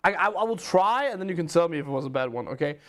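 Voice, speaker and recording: A man's voice: fairly high pitch, lively intonation, very fast. A man from Denmark with a Danish accent, a livestream host telling rambling stories and answering chat questions in casual chat.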